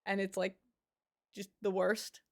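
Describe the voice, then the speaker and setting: A woman's voice: mid-range voice, monotone, unhurried. A woman livestreamer chatting casually with her viewers while reacting to pet videos, rambling with lots of fillers and cooing over the animals.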